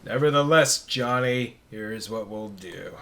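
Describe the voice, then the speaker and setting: A man's voice: fairly low pitch, measured pace, creaky, bright, forceful tone. A man on a charity game stream, reading game text aloud in a theatrical way.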